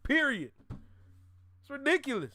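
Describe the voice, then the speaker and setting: A man's voice: very high-pitched, big pitch swings, unhurried, sharp tone, dry recording, clean studio sound. A man from Canada hosting a reaction video, ranting bluntly in casual commentary and laughing often.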